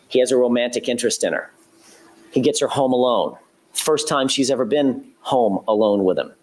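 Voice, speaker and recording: A man giving a courtroom opening statement as a prosecutor, laying out events in a measured, methodical way with an occasional self-correction. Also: mid-range voice.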